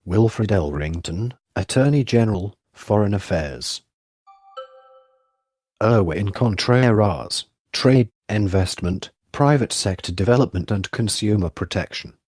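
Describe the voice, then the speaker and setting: Male reader, lowish voice, flat formal delivery of a government roster over soft music. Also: unhurried, no echo, studio quality. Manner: flat formal recitation of names and titles. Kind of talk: scripted reading of a government listing.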